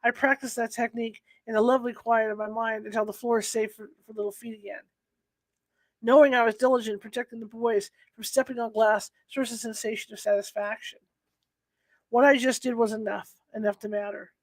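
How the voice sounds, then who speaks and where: A woman's voice: a little high, no echo. A woman reading a first-person novel aloud, unpolished, often restarting and correcting herself. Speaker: audiobook reader.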